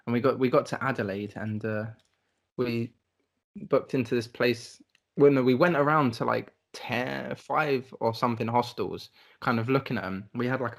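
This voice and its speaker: A young man co-hosting a podcast, telling a travel story in casual chat, rambling and swearing with lots of "like". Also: mid-range voice.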